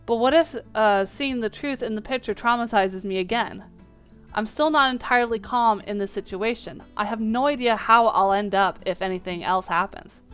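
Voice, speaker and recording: A woman's voice: fairly high pitch, normal speed, a bit bright, smooth, soft background music. Woman reading a dating game aloud. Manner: reads lines with small slips and restarts.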